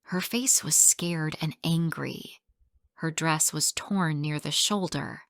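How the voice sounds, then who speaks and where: A woman tells a first-person story for English learners, in a low voice and at a very slow, careful pace. Her sentences are short and clearly spoken. The recording is dry and close, with no room sound. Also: no echo.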